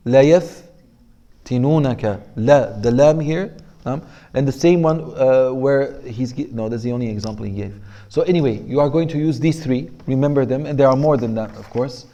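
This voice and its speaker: Mellow-voiced male teacher lecturing. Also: medium pitch, muffled recording. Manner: explains in English, reading Arabic passages aloud quickly; relaxed, jokes with students. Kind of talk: classroom lecture on Arabic rhetoric. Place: class with students present.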